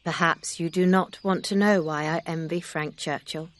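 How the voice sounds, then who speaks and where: A woman voicing a grave, kind gentleman suitor in an audiobook reading, speaking in a steady, sincere way. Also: sits low, moderate pace, no room sound, natural voice.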